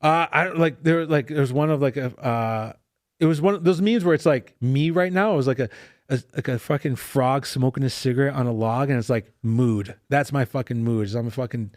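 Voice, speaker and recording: A middle-aged man chatting as a podcast guest, animated and profane as he tells stories. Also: medium pitch, a little fast, no echo, studio quality. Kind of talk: casual chat.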